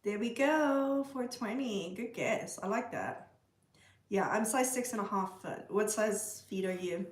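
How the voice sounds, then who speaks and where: Woman, livestream host, casual chat, unhurried, answers viewers, roomy echo. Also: medium pitch, lively intonation. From Canada. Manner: chatty, reads out and answers viewer comments. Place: room at home with a pet bird.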